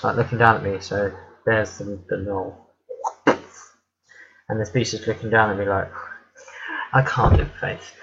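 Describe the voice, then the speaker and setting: A man's voice: on the low side, muffled recording, a little hiss or hum. A man telling a story in a casual, rambling way, hesitant and full of fillers and swearing. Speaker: vlogger.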